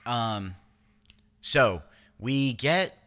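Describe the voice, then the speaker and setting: A man's voice: medium pitch, lively intonation, extremely slow, sharp tone. A middle-aged man telling a long story in casual podcast chat, rambling and swearing, often restarting his sentences. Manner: rambling, profane, self-interrupting. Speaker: podcast co-host.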